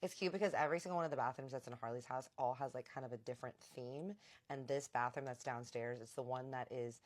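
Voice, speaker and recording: Woman vlogger, storytime, chatty, slangy, very deep voice for a woman. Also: fast. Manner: chatty, lots of quoting and slang. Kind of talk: casual storytime vlog.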